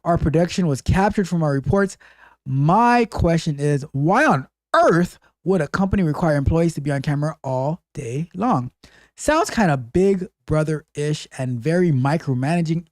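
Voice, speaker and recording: Man, show host, casual call-in advice, emphatic, repetitive, lively pitch, dry close sound. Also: no room sound. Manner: animated, emphatic, repeats phrases.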